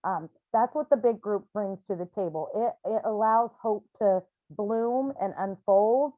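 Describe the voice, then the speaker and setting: A woman talks casually to her healing group on a video call, candid and chatty, often restarting her sentences. Her voice sits at a middle pitch. The call audio is dry and a little muffled. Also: measured pace, no room sound.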